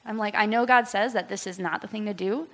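A young woman in her twenties giving a candid personal testimony in church, talking with many fillers and pauses. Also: medium pitch, fairly bright tone. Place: church hall. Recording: long hall reverb.

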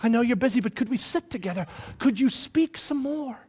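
Eager young children, soft and pleading, begging their father to speak some more, as a preacher puts them on. The voice sits high and turns wistful. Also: expressive, brisk, breathy edge, heavily acted.

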